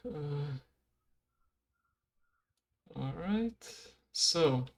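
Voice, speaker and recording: A game streamer giving relaxed, rambling commentary while playing and chatting with viewers. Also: mid-range voice. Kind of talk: casual gameplay commentary.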